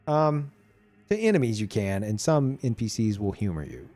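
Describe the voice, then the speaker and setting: Animated, profane male streamer. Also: medium pitch, moderate pace, soft background music. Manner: animated, profane, laughing often. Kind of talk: casual chat about a video game.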